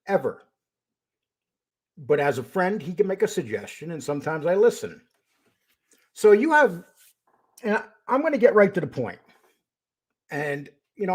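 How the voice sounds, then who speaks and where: An older man with a husky, slightly raspy voice hosts his own live stream. His pitch sits a little high for a man and swings widely as he talks. He reads out viewer names and speaks bluntly when he argues a point. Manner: greets viewers by name, then turns confrontational. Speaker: host of a live stream show. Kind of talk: casual live-stream talk.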